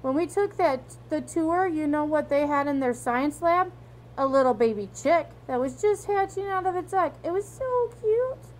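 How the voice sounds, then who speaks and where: A woman reading a storybook aloud, voicing a mother gently coaxing her son. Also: sits high, animated, moderate pace, slight background noise, voice pushed up, low-quality recording.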